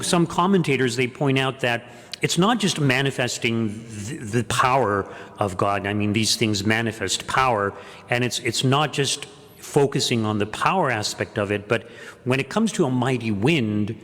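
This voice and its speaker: Priest preaching in an echoey church. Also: male voice, mid-range voice, normal speed, fairly bright tone. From Canada. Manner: earnest, with repeated phrases and emphatic rises. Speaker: pastor. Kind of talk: homily at daily Mass. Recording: echoey church with long reverb.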